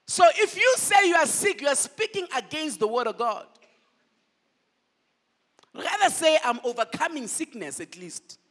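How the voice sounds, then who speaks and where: Preaching in a very high voice, this male pastor takes his time and pauses often as he throws call-and-response questions to his congregation. His delivery is animated, alternating loud proclamations with quieter asides.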